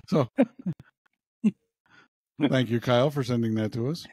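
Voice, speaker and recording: A man co-hosting a podcast, reading listener jokes aloud in a relaxed, chatty way. His voice is mid-pitched and sits on a dry, close microphone with no room sound. He bumps his pitch up for the characters in the jokes. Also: fairly quick, long pauses, no room sound. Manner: retells jokes with playful pitch shifts for characters. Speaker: podcast co-host. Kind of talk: casual joke-telling chat.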